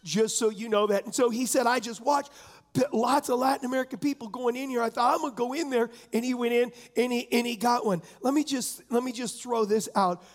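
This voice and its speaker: A man's voice: very high voice, steady tone, brisk. A man pastor preaching a conversational sermon, often asking the congregation questions. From San Diego area.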